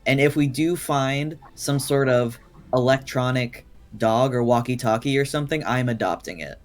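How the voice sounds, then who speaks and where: A woman playing a tabletop game, playful and talking slowly as she thinks aloud. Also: extremely low pitch, a little mellow. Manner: playful, slow and thoughtful. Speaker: player. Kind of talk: casual tabletop play.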